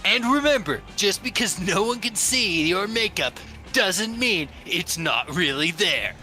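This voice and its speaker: A man voicing a loud, brash young male demon hosting a makeup livestream, in a hyped influencer manner. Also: lively intonation, measured pace, soft background music, full character voice. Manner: hyped, shouting influencer pitch.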